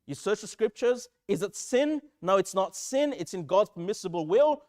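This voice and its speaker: A man's voice: sits high, animated, normal speed, darkish tone. A man preaching a sermon as pastor, earnest and self-deprecating, acting out prayers aloud.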